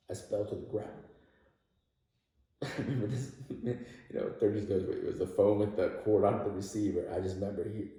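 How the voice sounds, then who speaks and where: A man with a deep, mellow voice tells an emotional story from his life as a podcast guest. He laughs often and grows animated as he retells it. He sits back from the mic in a strongly echoing room. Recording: very roomy echo, distant from mic.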